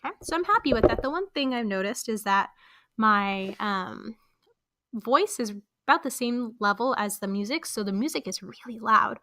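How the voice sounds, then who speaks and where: A woman's voice: fairly high pitch, animated, normal speed, bright, forceful tone, no echo, clean studio sound. A woman explaining podcast editing in a casual screen-recorded tutorial, walking through each step with friendly fillers. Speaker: teacher showing podcast editing.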